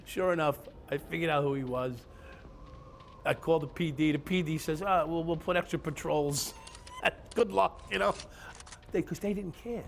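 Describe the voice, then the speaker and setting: Gravelly ex-cop. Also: male voice, on the high side, moderate pace, pauses often, a little hiss or hum. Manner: blunt, profane, confessional. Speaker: former police officer. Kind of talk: candid storytelling. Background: music playing.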